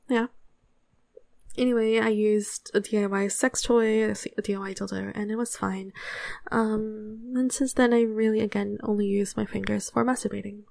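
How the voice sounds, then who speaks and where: A woman's voice: mid-range voice, creaky, darkish tone, no room sound. A young woman telling a casual story in a put-on Australian accent, chatty and rambling, giggling between remarks.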